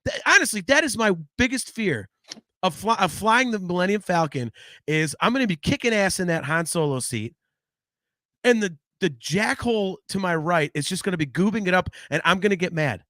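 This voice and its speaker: A man with a bright, forceful voice pitched a bit high, hosting a casual podcast. He talks in an animated, rambling way and swears freely. The sound is dry and close to the mic. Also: moderate pace, dry recording. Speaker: podcast host.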